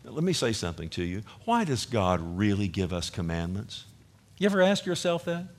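Gravelly-voiced Texan preacher man. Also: on the low side, very animated, a little fast. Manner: impassioned, swings from loud urging to quiet storytelling. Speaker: pastor. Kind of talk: sermon.

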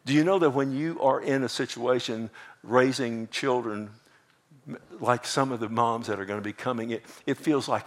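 A man's voice: mid-range voice, moderate pace. A man preaching a sermon in an earnest way, acting out the lines he quotes and asking his listeners questions. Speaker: pastor.

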